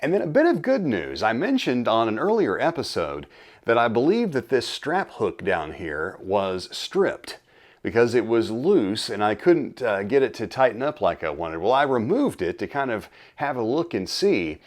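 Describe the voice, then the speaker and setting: A middle-aged man hosting a casual workshop vlog, talking folksy and unhurried about cleaning and oiling a guitar, with friendly asides and fillers. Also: medium pitch, big pitch swings. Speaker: channel host restoring guitars.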